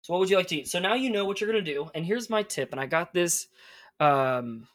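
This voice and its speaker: A man teaching conversational Spanish, patiently explaining and modeling phrases slowly. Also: sits high, animated, a bit bright, dry recording, clean studio sound.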